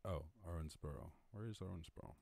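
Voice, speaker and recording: Irish male streamer, low voice, profane and rambling, dry close mic. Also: fast talker, creaky, a little mellow, no room sound. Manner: rambling, profane, laughs at his own jokes. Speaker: podcast host. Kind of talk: casual livestream commentary.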